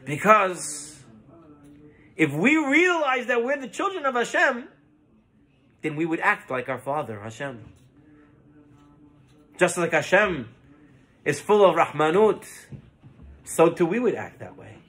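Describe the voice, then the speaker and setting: A man's voice: high-pitched, big pitch swings, a little slow, long pauses, bright, forceful tone, husky. A man giving a Torah lesson as a rabbi, telling stories and mixing Hebrew terms into his English.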